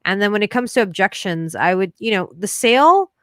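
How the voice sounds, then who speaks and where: A woman's voice: mid-range voice, lively intonation, fairly quick, a bit bright, dry recording, studio quality. A woman hosting a casual livestream Q&A, upbeat and chatty, calling her guest "bro.". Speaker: livestream host.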